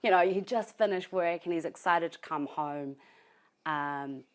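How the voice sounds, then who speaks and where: A young woman, grieving and giving an interview at her family home, speaking softly and haltingly with many pauses. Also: sits low, clear, resonant tone. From New Zealand. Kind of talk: emotional interview testimony.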